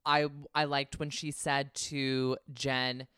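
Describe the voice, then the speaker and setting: Podcast co-host, smooth mid-pitched voice, dry close mic, chatty storyteller. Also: flat delivery, takes it slowly, pushed and bright, no echo. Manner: chatty storyteller, acts out quotes, frequent restarts. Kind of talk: casual podcast chat.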